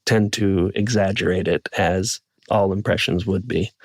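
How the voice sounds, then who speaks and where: A man's voice: deep voice, fairly even intonation, unhurried, husky, dry recording. A man, the podcast's producer, in casual chat with a dry, teasing manner, laughing easily.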